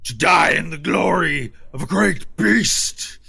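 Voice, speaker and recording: A man voicing a crazed male brute who shrieks his lines at a very high pitch. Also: expressive, slow, gravelly, breathy edge, exaggerated voice. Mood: fanatical. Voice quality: shrieking yell.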